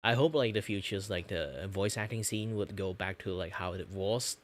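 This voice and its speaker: A man chatting casually on his stream in his relaxed, lower natural register, rambling with lots of fillers. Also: normal speed, a little hiss or hum. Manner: rambling, filler-heavy, frequent laughs. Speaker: VTuber streamer and artist.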